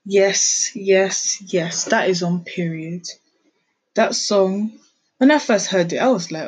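A woman's voice: mid-range voice, slow pace, a little mellow, slightly rough, low-quality recording. A young woman chatting casually as a podcast host, sassy and opinionated. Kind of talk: casual reaction chat.

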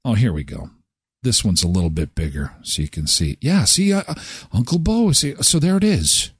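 A man's voice: fairly low pitch, very animated, normal speed, breathy edge, no echo, studio quality. A middle-aged man hosting a live daily show, chatting casually in a jokey, self-deprecating way. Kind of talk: casual chat.

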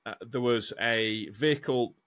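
A man's voice: medium pitch, a little slow. A man, a truck driver co-hosting a podcast and telling stories in casual chat, swearing freely. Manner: swears freely, animated storytelling.

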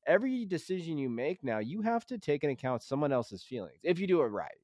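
A man's voice: a little high, big pitch swings, fast, darkish tone, no echo, studio quality. A man co-hosting a parenting podcast in casual chat, rambling with many restarts and fillers, earnest and emphatic. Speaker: podcast co-host; high school psychology teacher.

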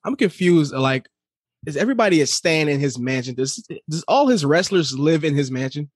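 A man's voice: a little high, lively intonation, moderate pace, breathy edge, no room sound, studio quality. A man co-hosting a podcast, chiming in with wry, joking reactions in casual chat. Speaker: podcast co-host.

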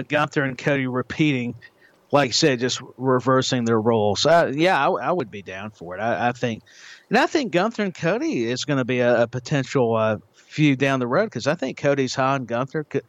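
A man's voice: mid-range voice, no room sound. Man, podcast co-host, casual chat, stuttering restarts, dry close mic, dull lo-fi sound. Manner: restarts often, repeats words. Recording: dull lo-fi audio.

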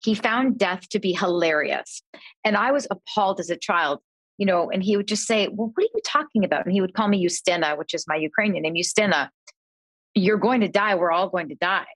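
Middle-aged woman, podcast guest, animated storyteller, dry close-mic read. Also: lowish voice, brisk, slightly rough, no echo. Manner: animated storyteller, voices quoted family members. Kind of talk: conversational storytelling.

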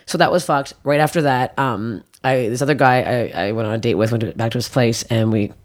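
Fast-talking blunt woman comedian. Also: very deep voice. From Canada. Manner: blunt, profane storytelling with animated quoted dialogue. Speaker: comedian guest. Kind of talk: casual podcast chat.

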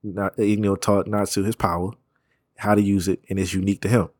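Deep-voiced man, loose slangy chat. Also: level tone, a little mellow, no room sound, clean studio sound. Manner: loose, rambling, profane slang, quick laughs. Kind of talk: casual chat.

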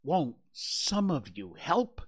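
A man voicing a determined young man who gives urgent, forceful orders in a storybook reading. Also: mid-range voice, lively intonation, normal speed, no echo, clean studio sound, close to an everyday voice.

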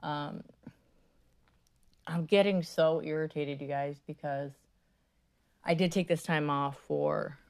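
A woman's voice: low-pitched, fairly even intonation, slow pace, long pauses, darkish tone, clean tone. A woman hosting a podcast in a casual monologue, rambling and crude, with lots of swearing, fillers and self-mocking asides. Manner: many fillers and trailing asides. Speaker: podcast host.

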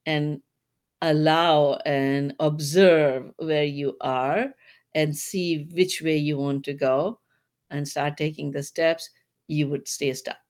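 A woman host tells a personal story with animated energy, racing through parts of it and laughing along the way. Her voice sits a touch low for a woman. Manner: animated storyteller, quick bursts, laughs often. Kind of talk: casual conversational interview.

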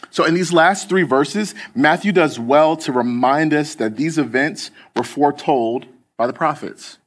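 A man's voice: fairly high pitch, a little slow, few pauses. A man preaching a casual storytelling sermon, loose and chatty, with many fillers and restarts.

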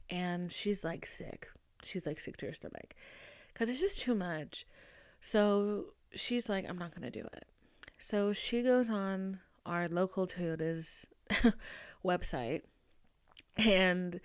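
A young adult woman hosting a podcast, telling a story in an animated, profane and emphatic way and often tossing in "okay?". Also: medium pitch, dry recording, clean studio sound. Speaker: podcast host. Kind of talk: casual storytelling monologue.

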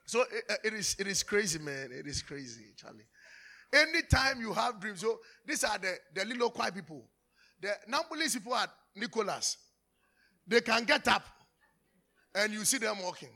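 A man preaching, his voice high and bright. He teaches from the pulpit in an animated way, acting out anecdotes and laughing often. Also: normal speed, vocal fry. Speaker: pastor. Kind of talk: sermon.

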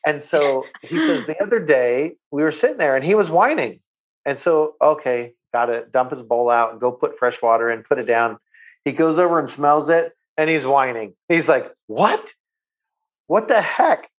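A man's voice: mid-range voice, normal speed, dull audio. A man, a guest who runs a water company, telling a long anecdote in casual chat and acting out the voices he quotes. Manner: animated storyteller who acts out quoted voices.

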